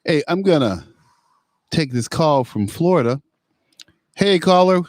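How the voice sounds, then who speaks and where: A man's voice: on the high side, lively intonation, measured pace, darkish tone, dry recording. A man hosting a call-in talk radio show, blunt and mocking, often stumbling and repeating words.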